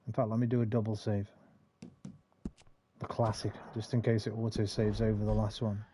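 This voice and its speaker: A man's voice: lowish voice, flat delivery, moderate pace, dark tone, a little hiss or hum. A man in his forties from England, rambling and swearing while chatting over a game. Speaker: gaming streamer. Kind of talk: casual gameplay commentary.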